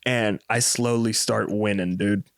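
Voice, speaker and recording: A man's voice: on the low side, steady tone, unhurried, vocal fry, no echo, studio quality. A young man hosting a podcast, telling a story in a rambling, profane way and often tagging on "you know what I mean.". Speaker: podcast host. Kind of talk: casual comedic storytelling.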